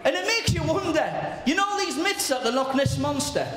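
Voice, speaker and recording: A brash comedian working a live crowd, swearing and shouting his punchlines. His voice runs very high and lively. The sound booms around a very echoey venue. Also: moderate pace. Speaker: stand-up comedian. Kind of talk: stand-up comedy routine.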